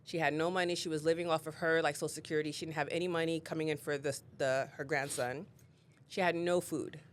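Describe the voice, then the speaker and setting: A woman who is a guest on an interview show, telling personal stories in an animated way and acting out what people said. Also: deep voice, fast, slight background noise. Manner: animated storyteller, acts out quotes. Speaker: guest, real estate leader. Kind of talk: casual interview storytelling.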